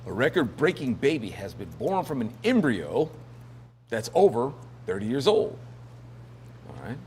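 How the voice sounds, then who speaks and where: A man's voice: mid-range voice, very animated, unhurried, a little mellow, a little hiss or hum. A man hosting a casual news commentary show, rambling and joking with lots of fillers and laughs. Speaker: host.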